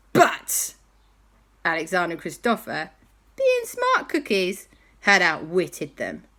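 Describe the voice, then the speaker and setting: A woman telling an animated, playful bedtime story. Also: fairly low pitch.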